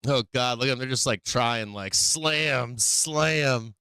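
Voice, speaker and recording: A man's voice: medium pitch, slow, sharp tone, clean tone, no room sound, clean studio sound. A man hosting a live trading show in casual commentary, coaxing and teasing the chart, swearing and laughing often.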